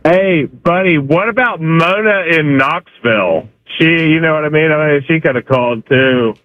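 High-pitched male caller, emphatic and griping, tinny phone sound. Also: moderate pace, no room sound. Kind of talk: ranting radio call. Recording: tinny dry phone line.

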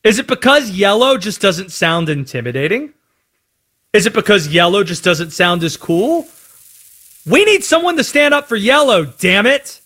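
A man's voice: high voice, normal speed. A man hosting a sports talk radio show, ranting playfully about team colors in a studio. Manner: animated, playful rants.

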